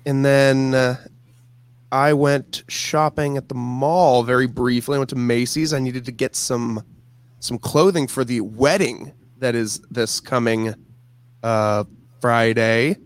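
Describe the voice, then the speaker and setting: Man with a clear, dry podcast voice. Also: mid-range voice, steady tone, slow, no room sound. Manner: upbeat, rambling with fillers. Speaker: podcast co-host. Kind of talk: casual chat.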